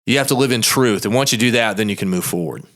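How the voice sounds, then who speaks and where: On his own monologue podcast, a man who practices law tells a story bluntly and emphatically in a folksy style. His voice is on the low side and a bit bright, and he talks at a quick pace with a plain-spoken manner.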